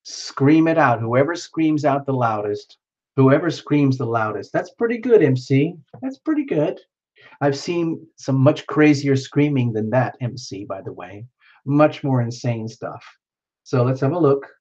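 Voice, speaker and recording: A man's voice: medium pitch, measured pace, a little mellow, muffled recording. Playful man hosting a live stream. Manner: playful, chatty, reacting to comments. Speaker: livestream host. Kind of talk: casual livestream chat with viewers.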